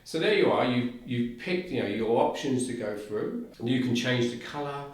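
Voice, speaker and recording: A man's voice: mid-range voice, moderate pace. A man with a South London accent, talking enthusiastically as a podcast guest and often restarting his sentences. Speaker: guest, cooker company representative. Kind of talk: casual podcast conversation. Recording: very echoey room.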